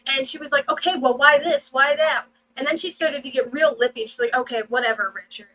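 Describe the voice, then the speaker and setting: Ohio woman, high bright voice, chatty co-host, faint room noise. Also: steady tone, brisk, rough recording. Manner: chiming in, quoting people. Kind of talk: casual chat.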